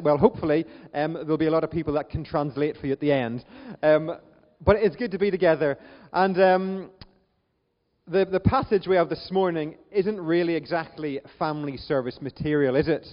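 Northern Irish male preacher, chatty sermon, slightly high voice, long reverb. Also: steady tone, fast talker. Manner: chatty, self-deprecating, frequent ums. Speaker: visiting preacher. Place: church hall. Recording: dull church recording with long reverb.

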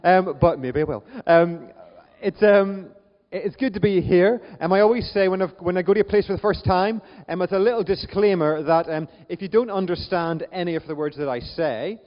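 Northern Irish preacher in a reverberant church. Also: male voice, high-pitched, normal speed. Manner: chatty, self-deprecating, frequent ums. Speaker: visiting preacher. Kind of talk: sermon. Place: church hall. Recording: dull church recording with long reverb.

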